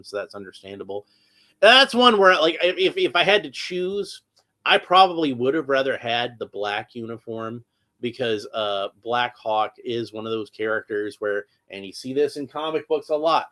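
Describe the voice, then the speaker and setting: A man's voice: medium pitch, a bit bright. A man hosting a casual toy-collecting live stream, chatty and rambling, with many restarts and tangents.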